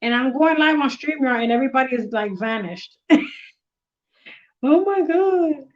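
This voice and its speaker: A woman hosting a casual live stream, excitable and quick to laugh, flustered as she works out the tech on her tablet. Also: high voice, lo-fi sound. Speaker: livestream host.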